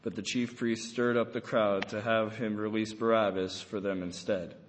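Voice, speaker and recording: A man reading a Gospel passage aloud in church, steady and measured, with a few small stumbles. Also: lowish voice, a little hiss or hum. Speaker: scripture reader. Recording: long echo in a large church.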